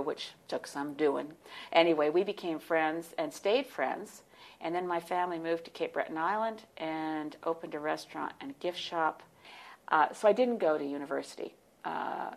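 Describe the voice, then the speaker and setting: Low, gravelly woman in her sixties. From United States. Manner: animated, warm storytelling with laughs. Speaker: guest, party leader. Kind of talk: storytelling in interview.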